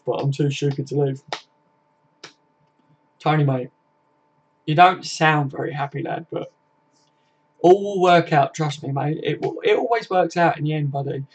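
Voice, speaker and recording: A man in his 40s hosts a casual live stream, reading out viewer comments in a chatty, matey way and swearing freely. His voice is a little high and a little mellow, and the stream audio is dull and lo-fi.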